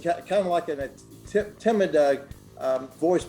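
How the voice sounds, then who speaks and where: A man's voice: fairly high pitch, measured pace, warm tone, faint music behind. Folksy older man storyteller. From Memphis, Tennessee. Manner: folksy, chatty, many fillers and restarts. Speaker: guest clothier. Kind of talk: casual storytelling interview.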